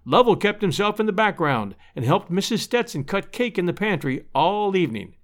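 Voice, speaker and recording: A man's voice: high voice, sing-song, normal speed, fairly bright tone. A man reading an old-fashioned story aloud as narrator. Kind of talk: audiobook narration.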